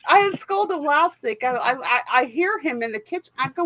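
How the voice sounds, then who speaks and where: High, bright-voiced chatty woman. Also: lively intonation, a little fast, few pauses, low-quality recording. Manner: chatty storyteller, laughs often. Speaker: co-host. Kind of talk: casual chat.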